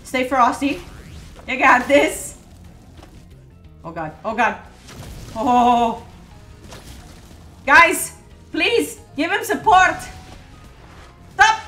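High, bright giggly woman streamer. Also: expressive, drawn-out words, long pauses. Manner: giggly, teasing, bursts into laughter. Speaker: co-streamer, host. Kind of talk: casual gaming livestream chat. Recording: echoey room with game music. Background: game music.

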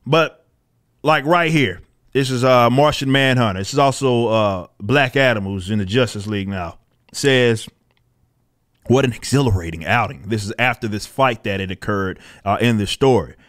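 A man's voice: mid-range voice, normal speed, a bit bright. A man giving casual video commentary on comic books, blunt, profane and incredulous.

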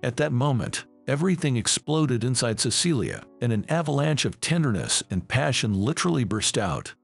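A man narrates a scripted story with a gravelly, husky voice and a lively, animated pitch. Faint music runs beneath the narration. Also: normal speed.

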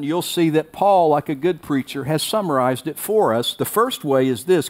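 A male pastor preaching a sermon, reading scripture aloud and repeating key phrases for emphasis. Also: on the high side.

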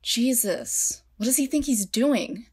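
A woman's voice: on the low side, expressive, normal speed, a bit bright. A woman voicing a brash, indignant male country who spits and mutters his disgust, in a read-aloud story. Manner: spitting, muttering angrily.

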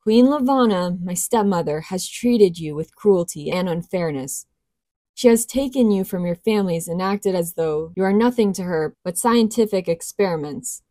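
A woman voicing a timid, gentle young princess who speaks earnestly. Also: fairly low pitch, expressive, moderate pace, no echo, lightly acted. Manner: earnest, pleading.

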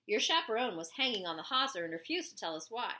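A woman's voice: medium pitch, very animated, fast. A woman doing a barking stern male cop. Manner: barking, suspicious, loud. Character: stern bossy male small-town police officer.

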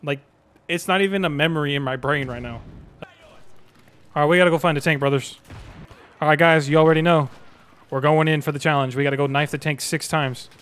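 A young man streaming a game live, chatting to viewers in slang and bursting into excited yells. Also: fairly high pitch, brisk, long pauses, clean tone.

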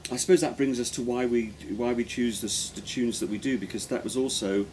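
A man's voice: mid-range voice, fairly even intonation, a little fast, a little mellow, a little hiss or hum. A man, a folk pipe player, explaining musical ideas in a thoughtful, step-by-step way during a casual conversation. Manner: thoughtful, explanatory, talks in careful steps.

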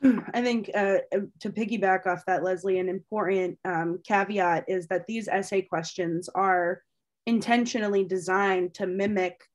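A woman's voice: mid-range voice, fairly even intonation, unhurried. A woman co-presenting a webinar, explaining an application process in a casual, chatty way with fillers.

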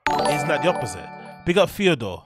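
A man's voice: a little high, big pitch swings, fairly quick, over loud music. A man hosting a reaction show, mocking and bluntly scolding what he watches. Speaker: host. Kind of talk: reaction commentary.

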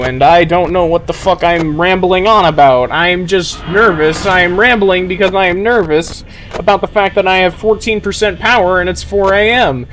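A young man streaming a horror game, rambling nervously to his chat and yelling when things go right. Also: high voice, normal speed, slight background noise, poor audio. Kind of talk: live gameplay commentary.

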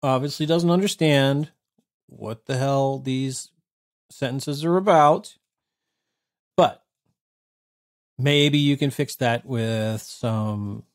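A man in his thirties casually reviewing software, blunt and sarcastic, swearing freely. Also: mid-range voice, slow pace, long pauses. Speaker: tech reviewer. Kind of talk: casual screen-recorded review.

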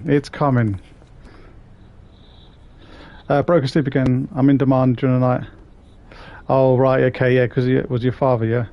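A man's voice: medium pitch, a little mellow. A British man streaming a game, chatting casually with viewers, laughing often and joking about himself.

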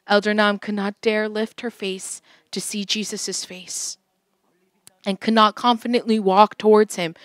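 A woman's voice: mid-range voice, no room sound, studio quality. Woman telling an earnest sermon story.

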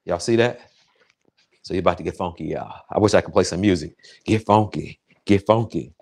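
Male home-cook host with a deep voice, loose and jokey, swears freely, hypes up viewers while cooking. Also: a little fast. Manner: excitable, crude, jokey, chats directly to viewers. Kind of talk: casual cooking livestream talk.

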